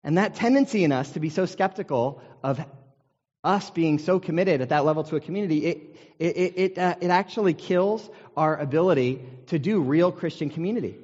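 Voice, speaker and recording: An American man preaches in a loose, conversational way, telling stories and poking fun at himself. His voice sits a little high for a man. The sound is dull and muffled, with a long reverb trailing through a large hall. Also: fairly quick, a little mellow. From United States. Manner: conversational storytelling with self-deprecating humor. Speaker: pastor. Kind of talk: sermon.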